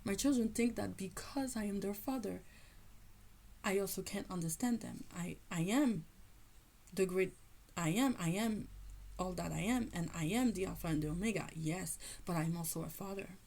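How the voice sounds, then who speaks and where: A woman voicing God as a stern, protective male father, scolding in a husky, half-whispered tone. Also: mid-range voice, moderate pace, a little mellow. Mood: indignant.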